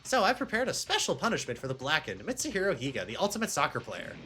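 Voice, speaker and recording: A man's voice: a little high, huge pitch swings, quick pace, sharp tone, soft background music, voice pushed up, full character voice. A man voicing a gleeful, sadistic male bear headmaster who taunts in a sing-song, mock-cheerful way. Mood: gloating.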